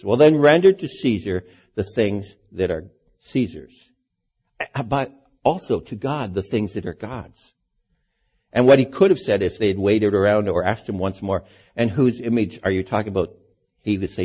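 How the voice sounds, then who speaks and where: A man's voice: fairly low pitch, lively intonation, measured pace, long pauses, darkish tone, breathy edge. A man preaching a sermon in a conversational way, asking his listeners rhetorical questions.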